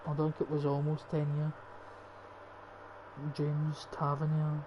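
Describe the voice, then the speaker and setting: A man's voice: fairly high pitch, completely flat delivery, slow. A young Scottish man giving casual, rambling, foul-mouthed commentary over a football game stream. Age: young adult. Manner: swears often, rambling and opinionated. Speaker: gaming streamer. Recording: dull lo-fi stream mic with faint hiss.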